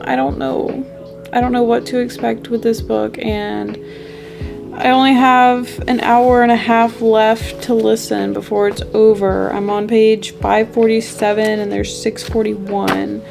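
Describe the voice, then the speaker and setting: A woman's voice: on the high side, flat delivery, a little slow, vocal fry, music in the background. A young woman book vlogger in a casual reading vlog, talking emotionally and gushing, with frequent swearing.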